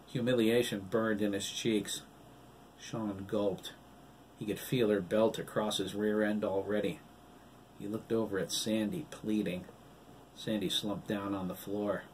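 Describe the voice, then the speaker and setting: A man, the author, reading his novel aloud as an audiobook in a measured, even storytelling manner. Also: lowish voice. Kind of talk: audiobook narration. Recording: distant mic, faint hiss.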